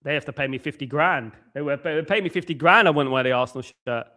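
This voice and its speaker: A rambling, teasing young man with a London accent, chatting to viewers on a live stream. His voice sits a little high and sounds bright and forceful. He swears freely. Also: quick pace. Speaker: host. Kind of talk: casual live-stream chat answering viewers.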